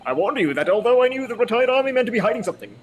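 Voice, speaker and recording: A man's voice: very high voice, big pitch swings, racing, slight background noise. A man doing a grandiose eccentric detective. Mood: lofty. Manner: grandiose, theatrical. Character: eccentric theatrical British male detective. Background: game music.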